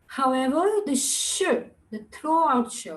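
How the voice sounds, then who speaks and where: A woman's voice: high-pitched, poor audio. A woman teaching a Mandarin lesson online, drawing out each word for students to repeat. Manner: slow, drawn-out model pronunciation with repeat-after-me drills; switches into Hindi and Gujarati asides.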